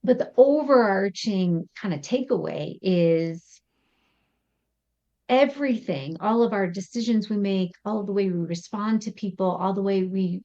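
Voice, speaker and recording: Woman psychotherapist guest, mid-pitched and animated, explaining with acted examples, slightly muffled remote audio. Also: gravelly. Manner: animated, acts out example thoughts in quotes. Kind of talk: explanatory podcast interview.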